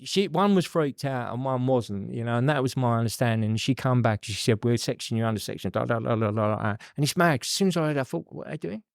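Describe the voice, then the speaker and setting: A man's voice: medium pitch, fast talker, vocal fry, hardly any pauses, no echo, clean studio sound. A middle-aged man, a podcast guest telling his own story candidly, swearing freely and saying "you know" a lot.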